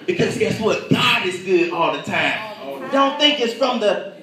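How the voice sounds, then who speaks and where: A man preaching a sermon, animated, shouting at the peaks and acting out voices in his stories. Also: high voice, unhurried, crowd noise. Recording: echoey hall, voice from far off.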